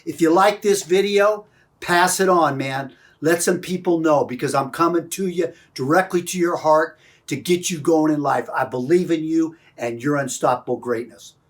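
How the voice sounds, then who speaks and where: A man's voice: on the high side, moderate pace. A man coaching through an emphatic motivational talk, pressing the viewer with repeated questions.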